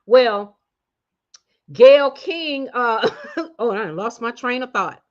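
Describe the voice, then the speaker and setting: High-voiced woman ranting in slang. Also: slow pace, lo-fi sound. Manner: animated, swings between loud outbursts and muttered asides; slangy, meandering with many fillers and restarts. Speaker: commentary channel host. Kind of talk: casual opinion rant.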